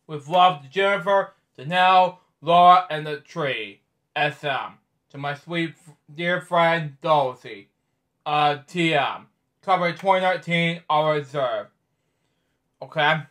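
Male host, bedtime read-aloud, stumbling and chatty, voice on the higher side. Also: fairly bright tone. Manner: halting reading with stumbles and offhand commentary. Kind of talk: reading a picture book aloud with casual asides.

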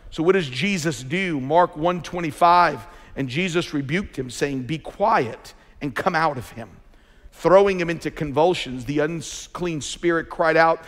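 A man preaching a sermon as a pastor, talking in an emphatic way and swelling louder on his key points. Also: a little high, moderate pace. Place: large church sanctuary. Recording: long hall reverb from a big church.

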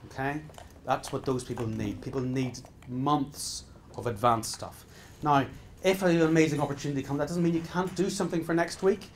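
A man's voice: mid-range voice, a little hiss or hum. Emphatic man teaching business. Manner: emphatic, repetitive exhortations with frequent restarts. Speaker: business trainer. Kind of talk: live seminar talk.

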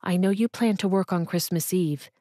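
A woman's voice: fairly low pitch, moderate pace, mellow, dry recording, clean studio sound, lightly acted. A woman voicing a cool, guarded young assistant. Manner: clipped, coolly professional.

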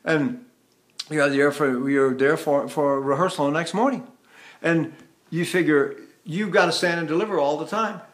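An older voice teacher from the United States talks through singing technique in a high, bright voice. He rambles and restarts, now and then breaking into sung vowels to show what he means. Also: normal speed. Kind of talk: vocal lesson with sung demonstrations.

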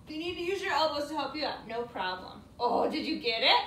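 A woman's voice: high voice, expressive, fast talker, very noisy. A woman teaching a yoga class for young children in a sing-song, encouraging, playful way. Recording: echoey room, mic at a distance.

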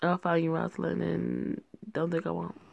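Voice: mid-range voice, monotone, normal speed, gravelly, darkish tone. A reader voicing a menacing, possessive male ex-boyfriend who makes threats in a controlling manner.

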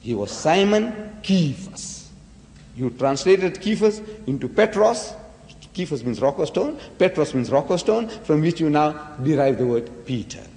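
A man's voice: fairly high pitch, big pitch swings, measured pace, a little mellow. A man giving a dramatic religious lecture full of rhetorical questions. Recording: echoey hall.

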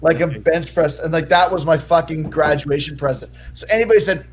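A man's voice: fairly high pitch, brisk, hardly any pauses. A middle-aged man co-hosting a podcast, chatting casually and teasing his friends with jokes. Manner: teasing, joking, laughs often. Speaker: podcast co-host. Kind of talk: casual chat.

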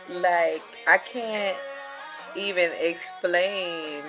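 A young woman, telling a story to camera in a casual vlog, animated and profane, swinging between loud outrage and muttered asides. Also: on the low side, drawn-out words, long pauses, music in the background. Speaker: vlogger.

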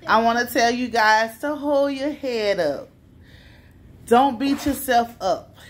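A woman vlogging at home for the holidays, speaking in a style and giving upbeat, preachy blessings to viewers. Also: on the high side. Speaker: vlogger, single mother. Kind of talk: casual family holiday vlog.

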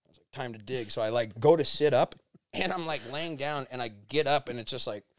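Guy in his 30s telling a crazy story on a podcast, cussing a lot, gets real loud then real quiet, dry sound. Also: a little fast, no room sound. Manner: animated, profane, swings from low mutters to shouting. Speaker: podcast guest, pro skier. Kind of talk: casual storytelling chat.

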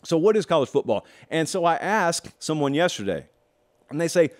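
A man's voice: on the high side, very animated, moderate pace. A man hosting a college football show, delivering an emphatic opinion monologue full of rhetorical questions and sarcastic asides.

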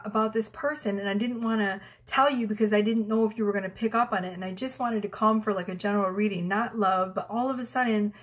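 A chatty middle-aged woman tells stories from her tarot readings in a relaxed, emotional way. She giggles often and slips into little voices to quote herself and her clients, with a voice that sits at an ordinary middle pitch for a woman. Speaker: tarot reader. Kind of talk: casual spiritual storytelling to camera.

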